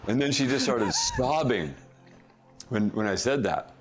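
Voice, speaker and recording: Middle-aged guy, deep voice, chatty storytelling, laughs a lot as he goes. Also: huge pitch swings, over music. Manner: chuckles often, quick asides. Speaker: podcast guest. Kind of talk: casual storytelling.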